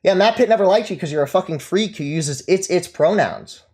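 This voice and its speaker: A man's voice: sits high, lively intonation, a little fast, darkish tone, breathy edge. A man streaming and scornfully mocking someone in his chat, laughing often between jabs. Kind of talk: livestream commentary.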